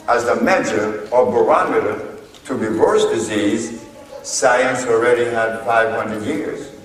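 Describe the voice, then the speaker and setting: A man giving a public lecture, speaking deliberately and posing rhetorical questions to his audience. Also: mid-range voice, a bit bright. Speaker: lecturer addressing a group. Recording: echoey hall, voice from far off.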